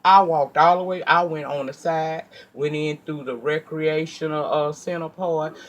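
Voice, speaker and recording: A storyteller vlogger, a man with a medium-pitched voice, shares a personal tale in a casual monologue at an unhurried pace. He's animated and profane, acting out his own heated outbursts, then softens into a quiet, earnest tone when reflecting.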